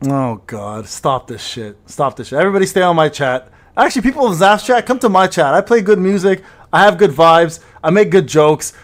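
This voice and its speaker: A man's voice: fairly high pitch, sing-song, brisk, hardly any pauses. A man streaming a game, teasing and mock-ranting at a friend in casual, profane banter. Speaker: gaming streamer.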